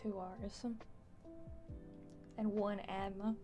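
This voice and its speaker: Young woman streaming from home, chill slow chat, music going in the back. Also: medium pitch, flat delivery. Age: young adult. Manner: soft, unhurried, thinking aloud. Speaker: streamer and voice actor.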